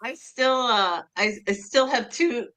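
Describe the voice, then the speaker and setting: A woman's voice: a little high, animated, slow, a bit bright. A middle-aged woman co-hosting a humor show, telling jokes in a rambling, self-amused way with many restarts. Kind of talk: casual joke-telling chat.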